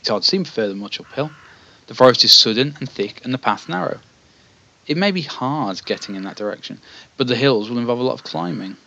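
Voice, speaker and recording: A man's voice: mid-range voice, gravelly, bright, forceful tone, dull audio. Man reading a text game aloud. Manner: reads the story evenly, then chats with hesitant asides. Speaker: gamer playing a text adventure.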